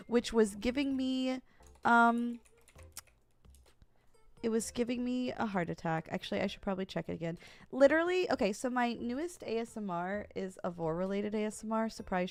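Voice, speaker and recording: A woman's voice: a little high, no echo. Giggly woman streamer chatting to chat. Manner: giggly, animated, talks straight to chat. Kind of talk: casual livestream chat with viewers.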